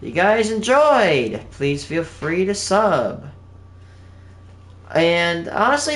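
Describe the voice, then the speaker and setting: A young man livestreams a game, talking to his viewers in a casual, earnest, meandering way. His voice is high and sing-song with a fairly bright tone, and he speaks slowly. The room sounds echoey, with a faint hum in the background.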